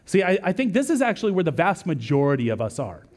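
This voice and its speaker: Man, pastor, sermon, high voice, very lively intonation, conversational asides. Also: quick pace. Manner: animated storytelling with acted-out quotes; conversational, frequent "right?" asides. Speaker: lead pastor.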